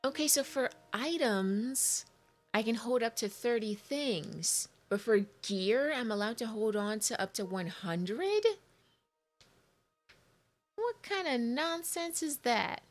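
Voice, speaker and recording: A woman plays a video game and chats through it casually, thinking aloud and puzzling over the menus with confused little asides. Her voice is a little high, expressive and unhurried. Faint game music plays behind her.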